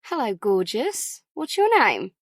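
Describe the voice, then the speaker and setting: A woman voicing a friendly, chatty young mum with an Australian accent in an audiobook, talking brightly and briskly. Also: mid-range voice, huge pitch swings, dry recording, full character voice. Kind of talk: audiobook character voice.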